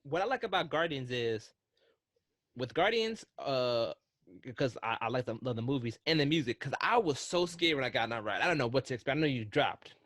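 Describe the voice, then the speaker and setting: Animated man telling ride stories. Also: mid-range voice, brisk, no room sound, studio quality. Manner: rambling, excitable storytelling with frequent restarts. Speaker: podcast co-host. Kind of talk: casual podcast chat.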